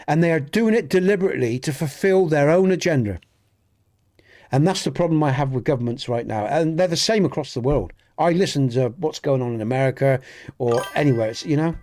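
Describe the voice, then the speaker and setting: A man with a Dorset accent talks casually to his live stream viewers, and his voice sits a little high for a man. He rambles earnestly and circles back over his points, restarting his sentences as he goes. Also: expressive, fairly quick, darkish tone. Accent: Dorset English. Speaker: gaming streamer.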